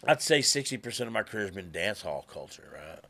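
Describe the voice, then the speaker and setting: A man, a musician guest telling stories in casual talk, animated and swearing freely. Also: on the low side, fast, gravelly. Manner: animated, swears freely, acts out quoted people. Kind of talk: casual conversational storytelling.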